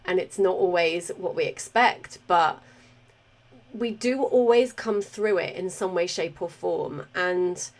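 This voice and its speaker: A woman's voice: lowish voice, slow pace. A British woman hosting a podcast interview, chatty and enthusiastic, laughing easily. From Britain. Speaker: podcast host.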